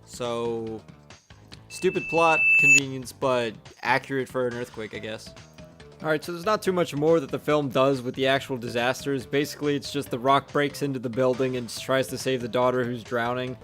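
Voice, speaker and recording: A man's voice: mid-range voice, normal speed, over music. A young man giving a casual, sarcastic movie review voice-over, blunt and swearing offhandedly.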